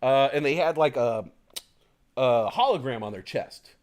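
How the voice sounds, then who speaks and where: A man hosting a live stream in casual chat, rambling and animated, swearing freely. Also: mid-range voice, a little slow. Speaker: host.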